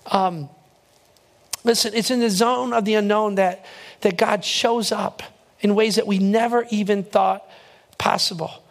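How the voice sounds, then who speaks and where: Animated high-voiced preaching man. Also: a little slow, pauses often. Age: young adult. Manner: animated, acts out his own reactions and builds to emphatic preaching. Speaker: pastor. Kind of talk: sermon storytelling.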